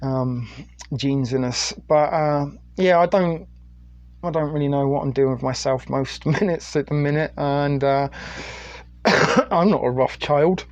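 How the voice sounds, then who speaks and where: A middle-aged British man from the UK hosts a crude, rambling late-night live stream on his phone, reading viewer chat aloud. His voice is a little high and his pace measured.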